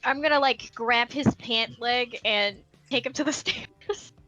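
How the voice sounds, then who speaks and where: Woman player in a tabletop game, high-ish bright voice, lots of ums. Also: unhurried, dry recording, lo-fi sound. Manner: hesitant, trailing off, giggly.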